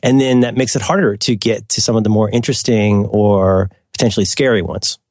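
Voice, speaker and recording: A man chatting casually on a podcast, tossing in quick jokes and laughing easily. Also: on the low side, steady tone, a little mellow, dry recording, studio quality. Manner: quick joking asides, laughs readily. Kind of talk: casual chat.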